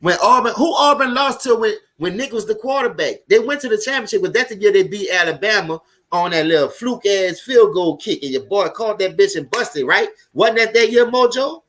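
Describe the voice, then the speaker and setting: A man with a New Orleans accent, hosting a casual live sports stream, talking loud and profane and chatting with his viewers as he reacts to the game. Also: high-pitched, lively intonation, a little fast, hardly any pauses. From Louisiana.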